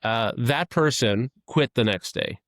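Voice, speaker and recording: A middle-aged man speaking as a podcast guest, candid and self-deprecating, talking haltingly with many fillers and restarts. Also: medium pitch, a bit bright, no room sound, clean studio sound. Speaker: podcast guest, advertising creative leader. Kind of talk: candid conversational interview.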